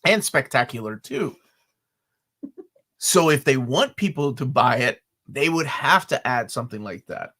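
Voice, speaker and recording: A man from Peru co-hosting a casual live stream, animated and quick to laugh as he answers chat comments. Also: medium pitch. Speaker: co-host.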